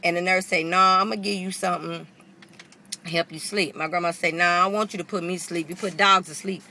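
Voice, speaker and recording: Speaking a little fast in a lower voice, a woman vlogger tells a story casually to the camera. She's animated and swears freely, acting out the people she quotes. There's slight background noise.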